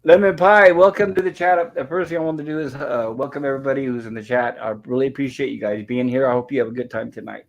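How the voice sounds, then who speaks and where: A man's voice: medium pitch, fairly even intonation, rapid-fire, gravelly, few pauses, a little mellow. A man hosting a live-streamed review show, greeting viewers and reading chat messages aloud in a friendly, rambling way. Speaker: podcast host.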